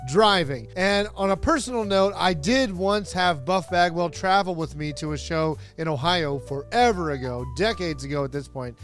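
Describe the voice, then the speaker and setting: A man's voice: high-pitched, normal speed, few pauses, a bit bright, faint music behind. A man narrating a comedic wrestling recap, sarcastic and joking, with laughs in his delivery. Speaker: wrestling video host.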